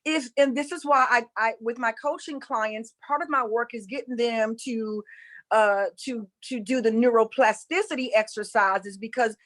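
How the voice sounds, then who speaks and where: A woman's voice: on the high side, moderate pace, fairly bright tone, poor audio. A woman, a spiritual coach and former preacher, speaking in an emphatic, preaching style and repeating her points while addressing listeners as y'all. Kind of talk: impassioned preaching-style talk.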